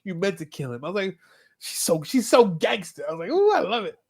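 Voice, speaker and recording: Animated man retelling a show. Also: high voice, a little fast, breathy edge. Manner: animated storytelling, acts out lines. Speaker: podcast co-host. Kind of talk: casual chat recapping a TV episode.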